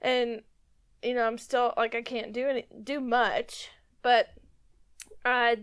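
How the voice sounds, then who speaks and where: A woman retelling her own hunting story on a podcast, with frequent laughs and an animated manner. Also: fairly high pitch, takes it slowly, smooth. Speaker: podcast guest and cohost. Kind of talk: casual storytelling chat.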